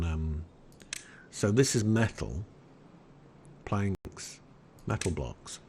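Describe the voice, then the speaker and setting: An Englishman with an English accent giving relaxed let's-play commentary in a soft, soothing, unhurried way. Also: lowish voice, a little hiss or hum. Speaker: game commentator.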